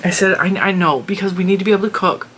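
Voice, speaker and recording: Bright-voiced woman telling a story. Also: medium pitch, fast talker, a little hiss or hum. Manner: animated, exasperated retelling with laughs. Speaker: crafting channel host. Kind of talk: casual storytelling.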